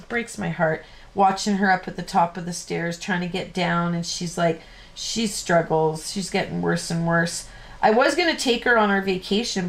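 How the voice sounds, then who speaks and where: Woman, live craft host; loose, chatty, self-interrupting, quick to laugh. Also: medium pitch, gravelly. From Canada. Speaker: card-making tutorial host. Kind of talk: casual chatty live tutorial.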